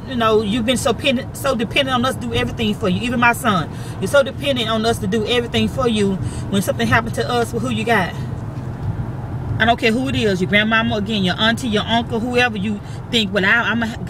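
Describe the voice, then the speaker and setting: A woman's voice: on the high side, noisy background. A middle-aged woman giving blunt, preachy life advice in a casual vlog, repeating her points for emphasis.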